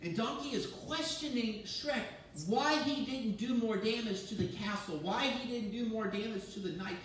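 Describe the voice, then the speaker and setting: Man, pastor, sermon, somewhat high voice, conversational, far off in an echoing church. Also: normal speed, a little hiss or hum. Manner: animated, conversational preaching with restarts. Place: church sanctuary.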